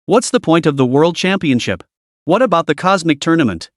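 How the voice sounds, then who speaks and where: Man voicing a boastful young guild master, excitable, gloating, lively pitch, dry sound. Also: a little fast, no echo, natural voice.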